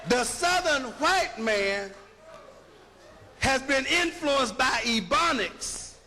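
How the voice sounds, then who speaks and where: A man's voice: very high voice, lively intonation, slow pace, pushed and bright, a little hiss or hum. A man giving an emphatic, rhetorical lecture, punching his points and checking that listeners follow. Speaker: linguistics lecturer. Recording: long hall reverb.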